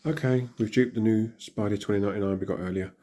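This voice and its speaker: A hoarse man, still recovering from illness, casually commenting and muttering reactions as he opens in-game crystals. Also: on the low side, fairly even intonation, quick pace, mellow, slight background noise. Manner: chatty, mutters reactions to himself. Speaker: gaming channel host.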